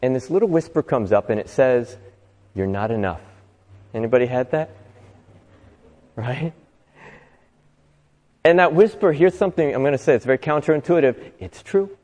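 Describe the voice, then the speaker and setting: A man's voice: on the high side, normal speed, long pauses, darkish tone, long reverb tail. A man giving an inspirational talk to a live audience in a conversational way, often asking listeners rhetorical questions. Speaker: motivational speaker.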